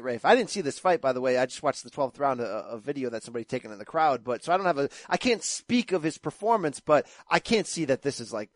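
High-voiced man arguing boxing picks, dry sound. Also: dry recording. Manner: emphatic, explains and argues his picks. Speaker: podcast host. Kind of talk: casual sports chat.

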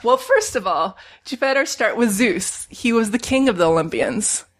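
A woman's voice: on the high side, lively intonation, normal speed. A woman reading her own pun-filled story of the gods aloud to friends and laughing at her own jokes. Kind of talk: casual chat, reading puns aloud.

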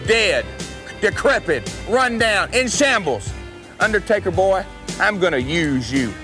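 A man's voice: sits high, sing-song, measured pace, voice pushed up. A man playing a cocky, boastful country singer wrestling villain in a promo clip, bragging and spelling out his own name. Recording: archive clip with music bed.

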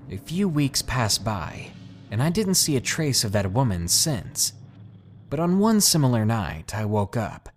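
A man hosting a podcast, narrating a scary first-person story in a hushed, suspenseful way. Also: medium pitch, a little hiss or hum. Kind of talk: scripted horror story narration.

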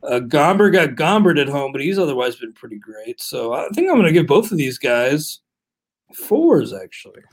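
A man co-hosts a casual fantasy baseball podcast, steadily leading the segment and moving the talk from one pick to the next. His voice is a little high with a breathy edge, at a moderate pace.

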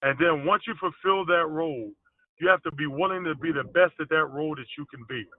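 A man and former pro basketball player, telling stories as a guest in a casual interview, with loose grammar and lively delivery, heard over a tinny phone line. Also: a little high, fairly quick, dry recording. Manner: animated storyteller, loose grammar.

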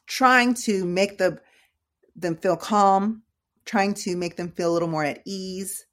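A woman's voice: mid-range voice, measured pace. A woman emergency room nurse giving casual, conversational advice, slangy and direct with her listeners. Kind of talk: casual educational talk.

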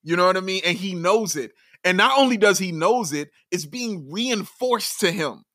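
A man co-hosting a casual sports talk show, excitable, laughing often and raising his voice when thrilled. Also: high voice, moderate pace, no room sound, studio quality. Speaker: podcast co-host.

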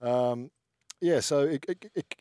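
A man, a former rugby league player, talking haltingly in a radio interview and laughing at his own words. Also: medium pitch, warm tone, no room sound. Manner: halting, self-correcting, laughing at himself.

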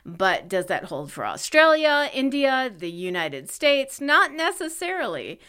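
A middle-aged woman from California co-hosting a podcast, reading her segments in a wry, brisk way. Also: high voice, big pitch swings, bright, forceful tone, smooth. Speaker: podcast co-host. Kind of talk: scripted podcast chat.

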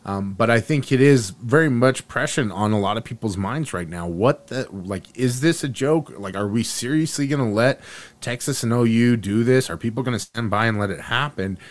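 A man co-hosting a sports podcast, talking excitedly and firing off rhetorical questions. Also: medium pitch, fairly quick. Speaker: podcast co-host. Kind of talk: animated sports opinion chat.

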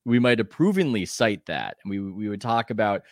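Man, low voice, podcast guest, sports reporter, chatty anecdotes, quick asides, dry close sound. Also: no room sound. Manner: animated anecdote telling with quick asides and restarts. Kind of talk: conversational podcast interview, storytelling.

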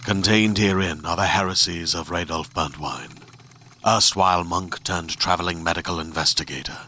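A man's voice: sits low, moderate pace, sharp tone, slight background noise. A man reading a solemn, ominous podcast trailer in dramatic narration.

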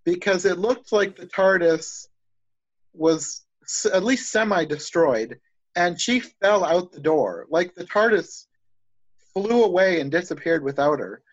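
A man's voice: high voice, expressive, measured pace, no echo. A man in casual chat, enthusiastic and rambling, thinking aloud as he talks. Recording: dull lo-fi dry sound.

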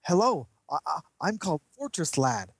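A man's voice: on the high side, big pitch swings, normal speed, gravelly, breathy edge, dry recording, heavily acted. A man voicing a timid teenage boy hero who stammers earnestly and humbly.

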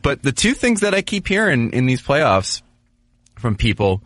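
A man co-hosting a sports podcast, talking casually and at length with lots of restarts and animated asides. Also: medium pitch, moderate pace, dry recording. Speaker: podcast co-host, hockey writer.

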